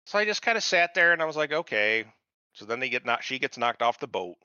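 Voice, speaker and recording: A man's voice: on the high side, fast talker, clear, resonant tone, dry recording, muffled recording. A man co-hosting a podcast in casual chat, swearing and laughing as he rants. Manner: animated, profane, laughs while ranting. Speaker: podcast co-host.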